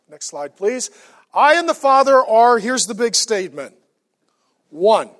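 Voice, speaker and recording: A middle-aged man preaching a sermon as a pastor, emphatic, swinging from hushed asides to loud repeated questions. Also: high voice.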